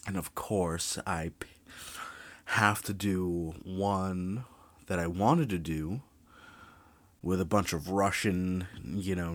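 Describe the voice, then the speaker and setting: A young man hosting a true crime podcast, ranting casually, animated and full of swearing. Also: sits low.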